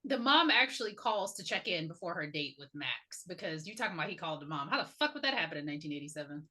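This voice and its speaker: A woman's voice: on the low side, sing-song, fast, sharp tone. A woman co-hosting a podcast, chatting bluntly and jokingly. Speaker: podcast co-host. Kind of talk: casual chat.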